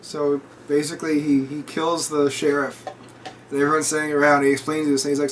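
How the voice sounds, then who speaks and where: A man's voice: on the high side, level tone, fairly quick, distant mic, a little hiss or hum, low-quality recording. Laid-back young man summarizing a movie. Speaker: podcast co-host. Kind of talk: casual movie review chat.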